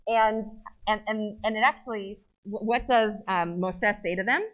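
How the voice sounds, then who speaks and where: A woman's voice: medium pitch, normal speed, muffled recording. A woman rabbi giving a chatty, playful sermon to her congregation in a synagogue, often breaking off mid-sentence. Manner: chatty, playful, self-interrupting. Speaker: rabbi leading services. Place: synagogue sanctuary.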